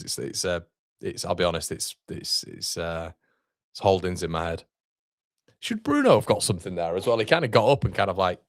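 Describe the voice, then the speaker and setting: A man with a fairly low voice hosts a live football watchalong, reading out viewers' messages between bursts of reaction. He repeats himself, trails off and swears, and his voice jumps higher when a chance comes. The sound is dry and close, with no room echo. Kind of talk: live match reaction commentary.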